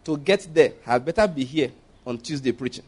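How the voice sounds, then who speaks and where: A middle-aged Nigerian man preaching at a Bible study, chatty and lively, with laughing asides. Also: mid-range voice, fairly quick. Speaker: pastor.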